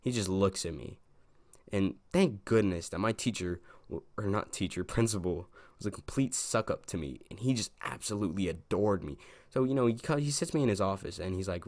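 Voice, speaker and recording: A man's voice: deep voice, brisk, dry recording. A young man casually telling a story from his school days to his channel, slangy and rambling, with many fillers and restarts. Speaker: storytime vlogger.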